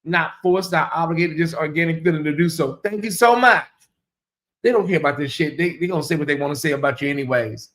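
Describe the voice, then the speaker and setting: A man hosting a casual livestream, reading viewer comments aloud and stretching out questions slowly for effect. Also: on the high side, a bit bright. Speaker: livestream host.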